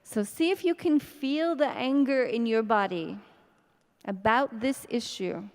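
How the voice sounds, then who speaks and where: A woman leading a guided tapping session, speaking slow scripted affirmations between deep sighs and breaths. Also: darkish tone. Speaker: EFT tapping practitioner. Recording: long reverb in a hall.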